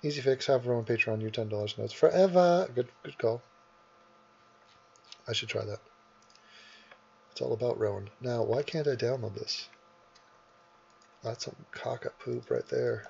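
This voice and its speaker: A man's voice: mid-range voice, normal speed, gravelly, pauses often, warm tone, dull audio, a little hiss or hum. A man rambling and swearing in casual commentary as he edits a video, with many asides. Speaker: YouTuber. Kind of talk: casual commentary while editing. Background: keyboard typing.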